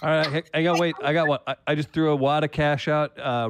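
A man's voice: a little high, steady tone, fast talker, slight background noise. A man co-hosting a casual chat, laid-back and joking. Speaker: co-host.

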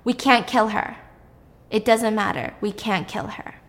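A woman's voice: medium pitch, steady tone, a little slow, a bit bright, big-room sound. A woman recounting a film, voicing a man who insists firmly that his friends stop. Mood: insistent. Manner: firm, insistent. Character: firm adult man, ally.

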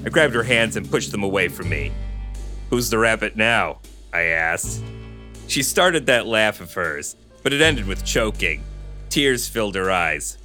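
A man's voice: lowish voice, normal speed, over music. A man co-hosting a podcast, reading a novel aloud and cracking dry jokes. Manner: animated, dryly joking. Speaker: podcast co-host.

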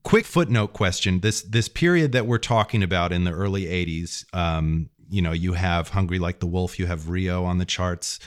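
Guy host w a lowish voice, asks long, well-built questions. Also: normal speed, few pauses. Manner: articulate, long framed questions. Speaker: interviewer. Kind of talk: interview questions.

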